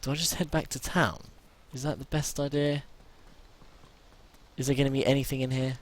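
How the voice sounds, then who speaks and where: This man narrates his survival gameplay live, whispering nervously, then yelping in panic, and saying things over and over when stressed. He speaks at medium pitch with a flat delivery and normal speed.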